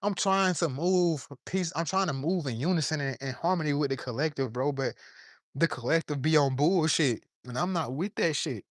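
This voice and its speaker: A vlogger delivers an impassioned, profane monologue to the camera from his yard, preaching in plain street talk while feeling a little under the weather. His voice is fairly high and moderately paced, with studio quality and no room sound.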